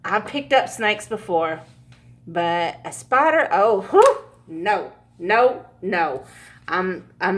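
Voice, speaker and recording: A woman's voice: mid-range voice, lively intonation, slow pace. A woman giving a casual pick-a-card tarot reading, chatty and laughing often, with frequent swearing. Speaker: tarot reader.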